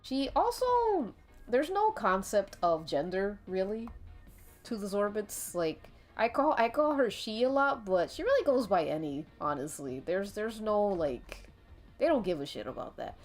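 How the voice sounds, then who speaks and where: A woman chatting on a live drawing stream, rambling and giggling as she invents characters. Her pitch leaps around in a lively, expressive way, and she drops casual swears. Soft music plays quietly behind her. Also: unhurried. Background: faint background music.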